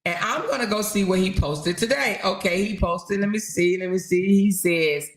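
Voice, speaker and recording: A woman's voice: mid-range voice, normal speed. A woman hosting a live talk stream, chatting animatedly with viewers, laughing often and speaking straight to her audience. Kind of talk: casual gossip chat with live viewers.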